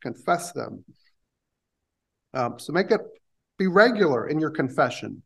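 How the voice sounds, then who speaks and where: Man, pastor, sermon, conversational preaching, pauses and restarts, fairly high voice. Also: sing-song, creaky, fairly bright tone, poor audio.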